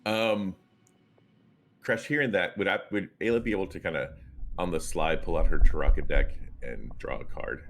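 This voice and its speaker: A man's voice: deep voice, moderate pace, fairly bright tone. A man playing a tabletop game, casually and hesitantly describing what his character does. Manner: hesitant, casual, many fillers. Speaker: player. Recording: music playing behind.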